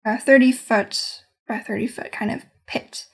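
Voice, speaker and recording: A woman game master recaps her tabletop session in a loose, rambling way, pausing often and hedging while she gathers her words. Her voice sits a little higher than most women's. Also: steady tone, creaky, slightly rough. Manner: meandering, hedging, searching for words.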